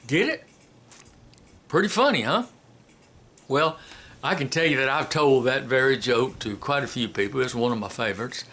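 A man giving a casual spoken commentary and telling a joke in a folksy, unhurried way with many filler pauses. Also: medium pitch, sharp tone, slight background noise. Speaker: commentator and storyteller.

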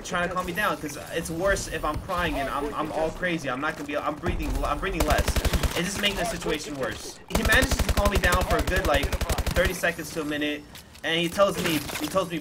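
A man's voice: a little high, fairly quick, heavy background noise. A young man retelling a frightening childhood memory in a casual, emotional vlog style, with lots of fillers and swearing. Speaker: gaming YouTuber.

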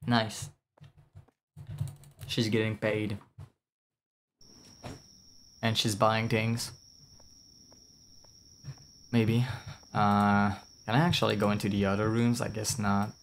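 A man's voice: fairly low pitch, flat delivery, slow pace, vocal fry, long pauses, a little hiss or hum. A young man with a French accent, rambling and chatting casually as he streams a game, swearing now and then and answering his chat. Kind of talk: casual gameplay commentary.

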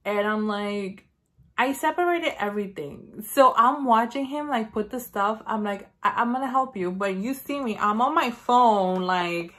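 A woman's voice: medium pitch, unhurried. Chatty rambling woman beauty vlogger. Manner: chatty, rambling storytelling with lots of "like"; animated, acts out her own lines. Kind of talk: casual chat.

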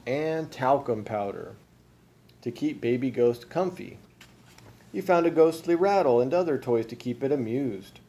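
A man, a father, reading a picture book aloud to children and pausing to ask them questions. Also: mid-range voice, mellow.

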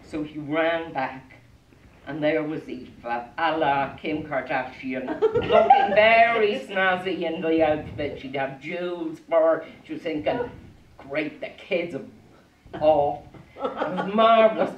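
A woman's voice: sits low, lively intonation, a little slow, highs cut off, a little hiss or hum. A woman telling a story live to children, playful and full of jokey asides. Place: arts centre room with audience. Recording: echoey room, mic at a distance.

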